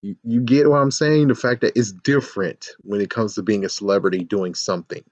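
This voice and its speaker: A man giving a casual, animated review of a TV episode, jumping into squealing fan voices now and then. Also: lowish voice, brisk, no room sound, dull audio. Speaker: YouTube show reviewer.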